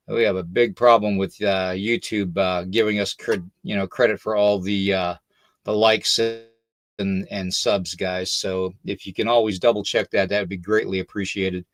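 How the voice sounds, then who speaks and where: A man's voice: low-pitched, steady tone, moderate pace, no room sound. An older man hosting a paranormal podcast livestream, tired and a little out of breath, chatting loosely and greeting viewers by name. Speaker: podcast host. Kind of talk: casual livestream talk.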